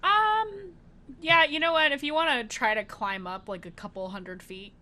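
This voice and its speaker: Bright-voiced woman running a tabletop game. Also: high-pitched, steady tone, moderate pace. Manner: chatty, laughs often, thinks aloud with fillers. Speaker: dungeon master.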